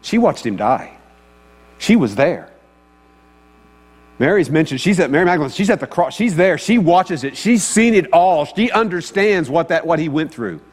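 Very animated and speaking at normal speed, this fairly high-pitched pastor keeps his sermon conversational and keeps questioning his listeners. Long hall reverb and a faint mains hum sit in the background.

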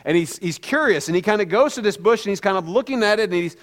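A man's voice: high voice, expressive, fast talker. Man preaching in a reverberant church. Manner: informal and storytelling, with frequent hedges like "kind of". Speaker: pastor. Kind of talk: conversational sermon.

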